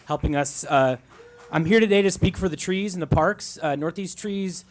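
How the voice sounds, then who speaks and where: A man from a tree-planting nonprofit giving an earnest, slightly halting public comment. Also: sits high. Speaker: nonprofit worker.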